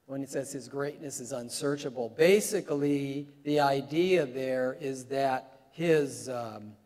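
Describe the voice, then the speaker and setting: Long church reverb surrounds this pastor's sermon in the sanctuary, where he talks in a conversational manner that builds to emphatic high points. He has an unhurried, slightly mellow mid-range voice.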